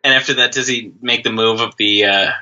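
A man's voice: mid-range voice, steady tone, a little fast, sharp tone, dull audio. A man co-hosting a podcast, cutting in with joking questions in casual chat. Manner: wisecracking, jumps in with joking questions. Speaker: podcast co-host.

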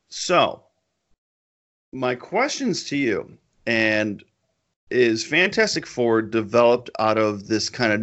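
Bright-voiced man chatting on a lo-fi podcast. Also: on the low side. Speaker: podcast co-host. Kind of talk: casual chat. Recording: dull lo-fi sound.

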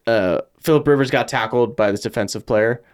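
A man's voice: mid-range voice, a little fast, clear, resonant tone. Laughing young man telling sports stories. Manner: storytelling, laughs often, acts out quotes. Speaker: podcast co-host. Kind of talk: casual chat.

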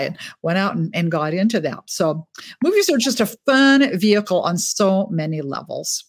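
A woman author chatting in an interview, telling lively stories about her books and life. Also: on the low side, moderate pace, dry recording, studio quality. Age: older. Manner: chatty, animated storyteller. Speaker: author guest. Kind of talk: casual interview chat. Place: home, West Coast.

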